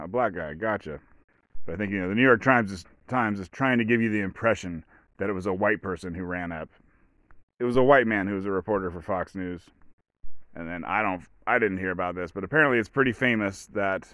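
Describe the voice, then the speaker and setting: A man's voice: fairly low pitch, a bit bright, no room sound, clean studio sound. A man talking on his own show in casual commentary, rambling and sarcastic, full of restarts and fillers. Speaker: podcast host.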